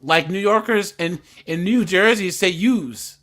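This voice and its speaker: A man from the US West Coast hosting a casual livestream chat. He talks in an animated way and gets loud when he tells stories. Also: sits high, normal speed. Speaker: livestream host.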